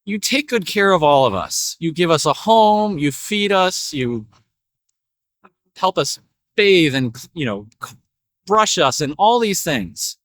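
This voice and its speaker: A man's voice: on the high side, lively intonation, slow pace, a bit bright, dry recording. Earnest loyal dog, voiced by a man, pleading, dry close sound.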